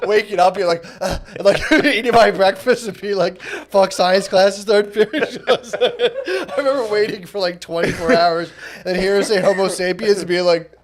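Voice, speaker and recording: A man's voice: high-pitched, moderate pace, few pauses, crowd noise. Profane, laughing man in his thirties. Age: 30s. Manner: laughing, profane, rambling storyteller. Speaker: podcast co-host. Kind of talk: casual storytelling chat.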